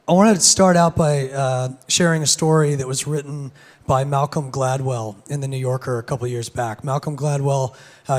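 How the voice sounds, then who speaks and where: A man with a hoarse, gravelly voice giving a casual keynote talk on a conference stage, with many fillers and restarts. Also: medium pitch. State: hoarse, lost voice. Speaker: conference speaker.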